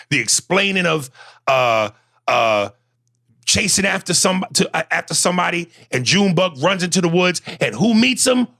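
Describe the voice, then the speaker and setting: A man co-hosting a podcast in casual banter, animated and quick to jump into voices. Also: no room sound, clean studio sound. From United States. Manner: animated, jumps into high-pitched voices and impressions. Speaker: podcast co-host.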